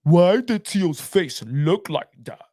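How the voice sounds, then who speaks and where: Animated, mocking New man ranting. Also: high-pitched, a little slow, no room sound, clean studio sound. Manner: loud, mocking, laughing, with stammered restarts. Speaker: boxing commentator.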